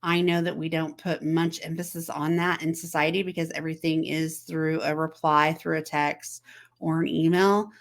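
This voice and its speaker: A woman's voice: deep voice, level tone, moderate pace, gravelly. A woman hosting a casual chat to camera, talking in a conversational way, asking the viewer questions and acting out text messages in quoted voices. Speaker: host.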